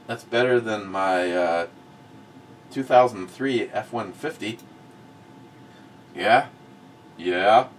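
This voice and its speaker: A middle-aged man hosting a casual talk show, blunt and profane, swinging from muttered asides to loud outbursts. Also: lowish voice, slow pace, pauses often, distant mic, slight background noise. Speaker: host of a review show.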